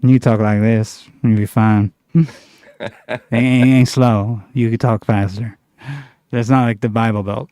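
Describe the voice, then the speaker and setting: A man trades short, teasing quips as a guest on a stream. His voice is mellow and smooth. It is recorded dry and close. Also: lowish voice, little pitch movement, normal speed, no echo. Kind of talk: casual stream chat.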